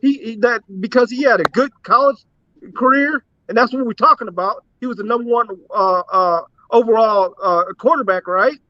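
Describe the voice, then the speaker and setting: High, bright man on a muffled line. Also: normal speed. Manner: restarts words often, talks over others. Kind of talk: casual sports debate.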